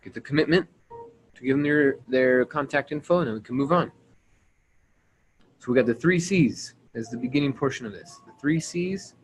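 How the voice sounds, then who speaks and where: A man runs a sales training call in a steady, mid-range voice. He drills his team on conversation openers, often asking "right?" to check they follow, and acts out sample lines along the way. A soft hum of room noise sits faintly underneath. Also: medium pitch, moderate pace, poor audio. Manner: coaching, repeats points and checks with "right?".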